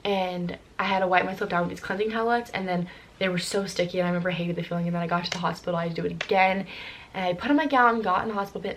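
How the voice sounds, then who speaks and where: A young woman vlogger telling a personal story in casual chat, rushing along with lots of "like" and "um". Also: fairly low pitch, slight background noise. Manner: rushed, filler-heavy with constant "like" and "um".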